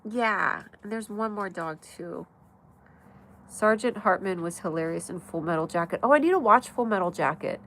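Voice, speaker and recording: A woman hosting a casual livestream from her mother's house at night, chatty and rambling, reading the chat aloud with frequent laughs and sudden excited shouts. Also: mid-range voice, normal speed, slight background noise. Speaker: livestream host.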